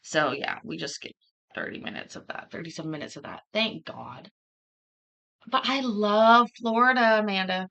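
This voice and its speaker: Woman chatting away on her stream, rambly, bright sharp voice. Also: medium pitch, lively intonation, moderate pace, gravelly, highs cut off. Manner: rambling, chatty, laughs often. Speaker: livestream host. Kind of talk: casual livestream chat.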